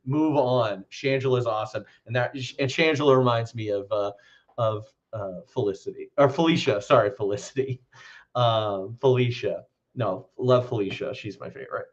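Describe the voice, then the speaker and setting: A man talks through a film on a podcast in a loose, meandering way, with a casual habit of swearing. His voice sits at an ordinary middle pitch. The recording is a little dull and lo-fi. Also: moderate pace. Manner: loose and rambling, swears freely. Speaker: podcast co-host.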